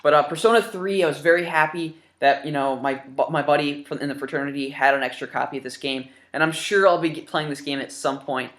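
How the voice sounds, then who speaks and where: A man in his twenties hosts a casual gaming vlog, eagerly showing off his new games. His voice is a little high and a bit bright, and he talks quickly with hardly any pauses, rambling enthusiastically with lots of ums.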